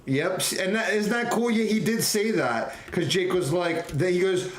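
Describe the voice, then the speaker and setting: A man's voice: fairly high pitch, normal speed, few pauses. A young man chatting casually on a late-night stream from his home, rambling and goofy, laughing often and getting tired. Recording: echoey room, faint keyboard typing.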